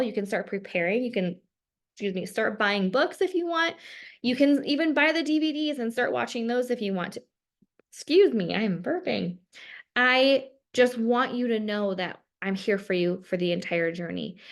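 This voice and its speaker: A woman instructor speaking to camera, earnestly encouraging viewers to join a wellness program and often repeating herself. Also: medium pitch. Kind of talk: promotional talk to camera.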